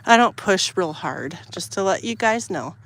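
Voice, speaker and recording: A woman's voice: medium pitch, lively intonation, normal speed, a bit bright. A woman hosting a casual livestream from her garden, filming on a handheld phone and chatting to viewers and her animals. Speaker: livestream host. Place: outdoors in a garden. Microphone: phone held in hand.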